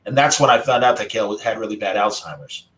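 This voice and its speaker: A man's voice: fairly low pitch, lively intonation, quick pace, poor audio. Chatty man telling a story. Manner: conversational storytelling, warm recollection; former radio broadcaster's delivery. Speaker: podcast host. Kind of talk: casual group chat.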